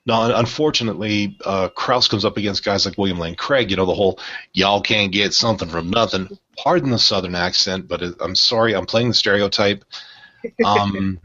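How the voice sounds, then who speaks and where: A man's voice: lowish voice, a little fast, pushed and bright. A man in a casual discussion, talking in a rambling, irreverent and jokey way. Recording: dull lo-fi sound.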